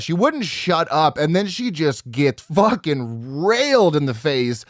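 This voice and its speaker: A man co-hosting a horror movie podcast in casual review chat, animated and profane, laughing often. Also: a little high, slow pace, dry recording, clean studio sound. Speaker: podcast co-host.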